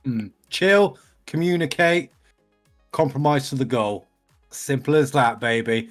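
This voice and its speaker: A man's voice: mid-range voice, normal speed, soft background music. A man, a life coach co-hosting an advice show, brash, swearing freely and hyping up the listener. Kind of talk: casual advice talk.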